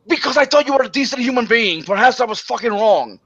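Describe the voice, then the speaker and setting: A man's voice: very high-pitched, fast talker, few pauses, a bit bright, dry recording. A man hosting a stream, ranting casually and indignantly, stammering and swearing often. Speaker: stream host. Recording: dull lo-fi sound.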